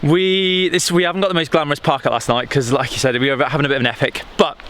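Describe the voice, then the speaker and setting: A man's voice: fairly high pitch, steady tone, fast, a bit bright. British man chatting on a noisy travel vlog. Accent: British English. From United Kingdom. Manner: chatty, jokey, rambling with restarts. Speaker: vlogger. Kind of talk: casual travel vlog chat. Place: outdoors and in a van in a snowy mountain town. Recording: noisy outdoor camera audio.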